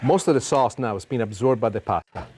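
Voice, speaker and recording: A man's voice: mid-range voice, expressive, fairly quick, darkish tone, a little hiss or hum. A middle-aged man with an Italian accent, hosting a cooking demonstration in a playful, theatrical way and dropping Italian phrases. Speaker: cooking show host.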